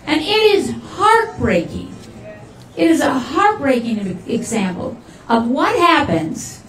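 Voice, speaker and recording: A woman giving an impassioned rally speech and leading the crowd in chants. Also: high-pitched. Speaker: political rally speaker. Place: large rally hall with crowd. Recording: echoey hall, crowd noise, mic from a distance. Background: cheering crowd.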